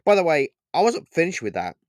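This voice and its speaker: A man voicing a gruff, sarcastic bar regular who speaks bluntly and loudly. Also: on the high side, wildly swooping pitch, a little fast, dry recording, studio quality, voice pushed up. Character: gruff whiskey-drinking male bar regular.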